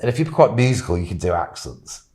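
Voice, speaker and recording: A man sits in as a podcast guest and tells rambling anecdotes. He chuckles often and scatters "you know" through his talk. His voice sits low but swings around a lot. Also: sing-song, fast, mellow. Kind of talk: casual anecdotal storytelling.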